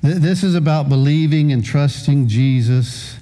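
A man's voice: fairly high pitch, normal speed, mellow. A man in his sixties preaching a sermon as a pastor, often repeating words as he starts a phrase.

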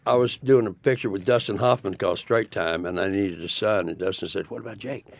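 A man's voice: low-pitched, steady tone, a little fast, gravelly. An older man, a studio guest, rambling emphatically through his stories. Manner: rambling, emphatic, spiritual musings. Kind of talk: rambling studio interview talk. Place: radio studio.

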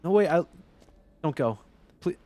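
A man streaming a game live, commenting casually and excitably, swearing and laughing as he plays. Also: a little high, measured pace.

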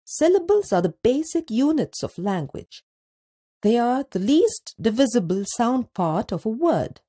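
A woman narrating a scripted school lesson, speaking slowly and deliberately and stretching words out syllable by syllable. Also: on the high side, very animated, dark tone, slightly rough. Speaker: teacher narrator.

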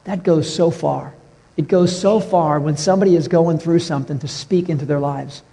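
A middle-aged man preaching a sermon as a pastor, telling stories and dropping to a soft hush for tender moments. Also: a little high, steady tone, normal speed, gravelly, slightly rough, big-room sound. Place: church sanctuary.

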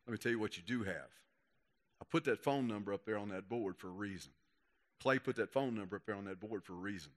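A young youth pastor gives a casual sermon to young people in a lowish voice, speaking fast. His delivery is folksy and conversational, and he acts out the quotes he shares.

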